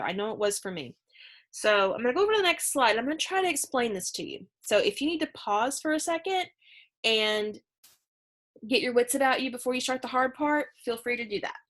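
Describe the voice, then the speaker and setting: A woman's voice: mid-range voice, fairly bright tone. A woman teaching a middle school English lesson in a chatty, conversational way, explaining with fillers and asides. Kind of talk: recorded remote lesson.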